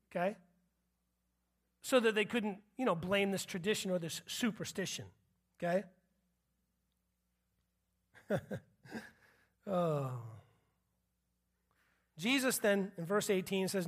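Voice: medium pitch, a bit bright. Chatty preacher checking in with listeners. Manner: conversational, checks in with the audience, acts out quotes. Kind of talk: sermon.

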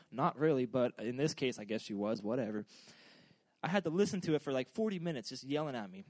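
A man's voice: mid-range voice, sing-song, brisk, dry recording. A young man giving a humorous, casual sermon in a joking, rambling, self-deprecating way. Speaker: preacher.

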